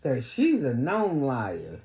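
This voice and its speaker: A woman casually recapping a reality show, blunt and profane, acting out the cast's lines in a much higher voice. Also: huge pitch swings, takes it slowly, mellow, roomy sound. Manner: blunt, profane, talks back to the cast; acts out quotes in a much higher voice.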